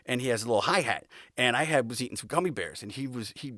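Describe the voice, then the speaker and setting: Laughing storyteller man, lively pitch. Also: fast, no room sound, clean studio sound. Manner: rambling, laughing anecdotes with acted-out quotes. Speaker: podcast host. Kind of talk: casual storytelling.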